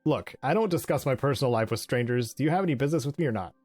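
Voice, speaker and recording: A man's voice: mid-range voice, lively intonation, racing, a little mellow, faint music behind, close to an everyday voice. A guarded tall tanner, voiced by a man who answers curtly and keeps to himself, heard in a game playthrough in a slightly raised voice. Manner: guarded, curt.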